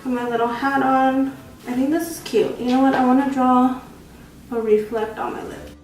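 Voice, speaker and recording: A woman's voice: high voice, steady tone, moderate pace, a little mellow, faint music behind. A young woman in her twenties chatting casually while doing her makeup for a get-ready-with-me vlog, rambling and poking fun at herself. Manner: chatty, rambling, self-mocking. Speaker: beauty vlogger. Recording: very echoey room, from far off.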